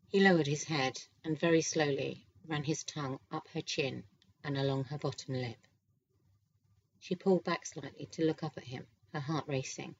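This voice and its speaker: Casting: woman audiobook narrator, low voice, calm steady read, slightly dull lo-fi recording. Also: normal speed, breathy edge. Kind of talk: scripted narration.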